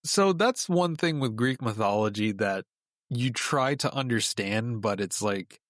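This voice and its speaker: A man's voice: mid-range voice, animated, measured pace, no echo, clean studio sound. A man chatting on a podcast as a guest, telling a myth in a loose, rambling way with lots of fillers. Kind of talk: casual chat.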